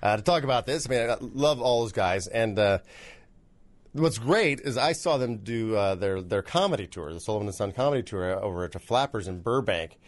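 Low-voiced male talk show host. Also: expressive, a little fast, no echo. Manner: friendly, promotional plugs, fillers. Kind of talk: casual interview.

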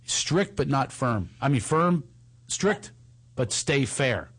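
A man's voice: medium pitch, sing-song, takes it slowly, breathy edge. A middle-aged man with a Philadelphia accent, chatting on a talk show and telling a story with lots of restarts. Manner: chatty storyteller, restarts a lot, puts on a soft cowboy drawl for quotes. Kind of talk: casual chat.

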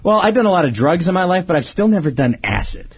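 A man's voice: high-pitched, sing-song, fast talker, slightly rough. A man co-hosting a casual podcast chat, talking in a chatty way with laughs between his lines. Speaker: co-host.

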